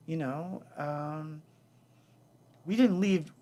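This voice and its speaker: A middle-aged man with a slightly high voice tells the story of his band on a casual livestream, speaking a little slowly. He's candid and rambling, acting out what other people said.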